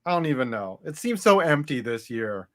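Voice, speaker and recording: A man's voice: mid-range voice, big pitch swings, normal speed, fairly bright tone. A man co-hosting a sports podcast, reading out listener messages and chatting loosely with jokes and swearing. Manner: loose, swearing, jokey asides. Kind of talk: casual sports chat.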